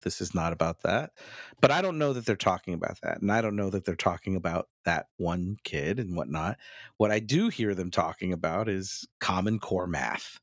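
Animated self-mocking male podcast host. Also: low voice, moderate pace, dry recording, clean studio sound. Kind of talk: casual podcast banter.

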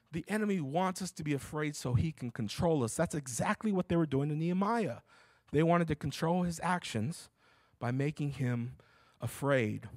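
A man's voice: a little high, no echo. A male pastor preaching a conversational sermon, emphatic and repeating key points, with casual asides.

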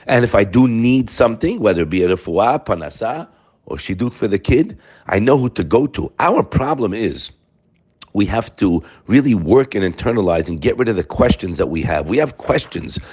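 A man's voice: lowish voice, lively intonation, normal speed, darkish tone, slightly rough. A man teaching a daily Torah class, firing rhetorical questions and mixing Hebrew terms into his English.

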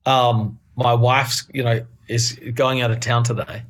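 A middle-aged man, a pastor, talks earnestly into a podcast mic. His voice carries a faint husky edge. He tells stories with animation and the odd laugh. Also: mid-range voice, little pitch movement, measured pace, fairly bright tone. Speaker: pastor and guest. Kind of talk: casual conversational interview.

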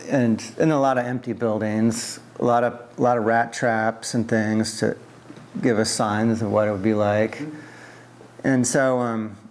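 A man's voice: fairly low pitch, fairly even intonation, a little slow, a little hiss or hum. Man telling a rambling oral history. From US East Coast. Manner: rambling, conversational, many fillers and restarts. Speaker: interviewee.

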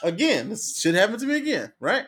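A man's voice: high-pitched, sing-song, fairly quick, fairly bright tone. A man hosting a podcast, telling stories in casual, profane chat and acting out what other people said. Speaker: podcast host.

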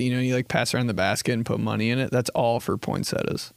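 A man's voice: mid-range voice, steady tone, quick pace, creaky, no room sound. A young man hosting a podcast, rambling in a casual, profane, joking way, often laughing and acting out quotes. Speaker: podcast host. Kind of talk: casual comedic podcast chat.

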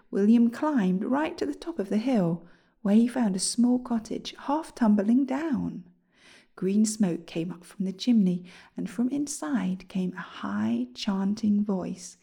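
A woman reading a children's storybook aloud in a lively, expressive way. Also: medium pitch, gravelly, husky.

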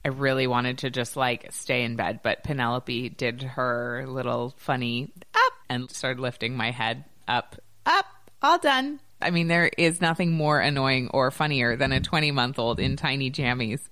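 Woman podcast host, thirties, low-pitched and chatty with an upbeat lift, recorded close and dry. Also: fairly even intonation, normal speed, hardly any pauses, fairly bright tone, dry recording. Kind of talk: casual podcast chat.

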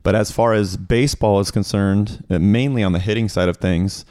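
A man's voice: fairly low pitch, steady tone, moderate pace, dark tone, no echo, studio quality. A man co-hosting a podcast in casual chat, telling stories in a rambling way. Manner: rambling storyteller, acts out quotes. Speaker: podcast co-host.

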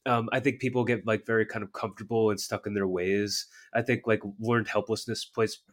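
A man's voice: fairly low pitch, steady tone. A man who works as a therapist, chatting casually with frequent restarts and repeated words. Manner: halting, many restarts and fillers. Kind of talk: casual conversation.

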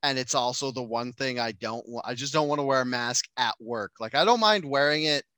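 Young man, podcast co-host, loose animated chatter, crisp dry close-mic read. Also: medium pitch, a little fast, no echo. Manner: animated, profane, acts out quotes. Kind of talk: casual chat.

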